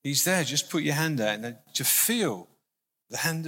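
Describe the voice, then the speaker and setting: A man's voice: medium pitch, big pitch swings, unhurried, sharp tone, breathy edge. Guy minister chatting through a sermon, lots of restarts, echoey church hall. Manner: informal, conversational preaching with frequent restarts. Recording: hall reverb.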